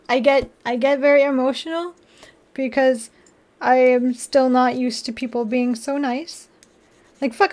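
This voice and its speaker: A woman chatting casually on a live stream while building a model kit. She laughs often and swears freely. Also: high voice. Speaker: livestreamer building model kits.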